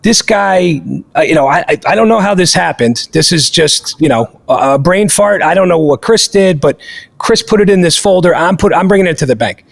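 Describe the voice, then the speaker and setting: A man with a high, gravelly voice hosts a podcast and tells a story casually. He talks in an animated, emphatic way and swears freely. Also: a little fast. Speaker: podcast host.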